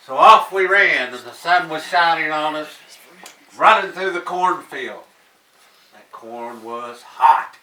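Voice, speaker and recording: Slow, dramatic older storyteller. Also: male voice, a little high, lively intonation, roomy sound, far from the mic, poor audio. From Tennessee, US. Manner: slow, dramatic, draws out words, hushes and shouts. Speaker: family storyteller. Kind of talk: oral storytelling to family.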